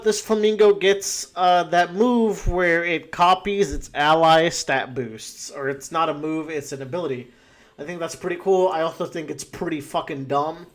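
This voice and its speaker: A man in casual, rambling commentary, ranking a full list of creatures with frequent swearing and fillers. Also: fairly high pitch. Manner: laid-back, profane, rambling with fillers. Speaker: podcast host ranking game creatures.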